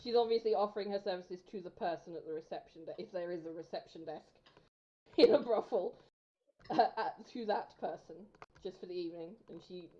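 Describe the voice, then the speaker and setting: A woman's voice: lowish voice, brisk, warm tone. A woman playing a tabletop game, describing her character's actions in a casual, hesitant way. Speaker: player. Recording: dull lo-fi sound.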